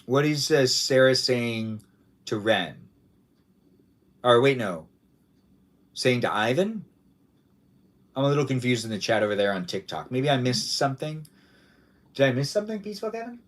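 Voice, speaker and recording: A man's voice: medium pitch, animated, normal speed, long pauses. A man hosting a casual livestream, rambling playfully and repeating his own phrases as he chats with viewers and guests. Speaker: livestream host.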